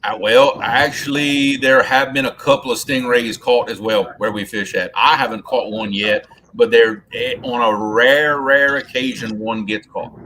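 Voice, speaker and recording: A man's voice: medium pitch, fairly even intonation, a little slow, few pauses, bright, forceful tone. Drawling Louisiana man chatting. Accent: Southern Louisiana. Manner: drawling, repeats words as he talks. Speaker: fishing crew member on a live stream. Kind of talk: casual chat. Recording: faint outdoor background noise.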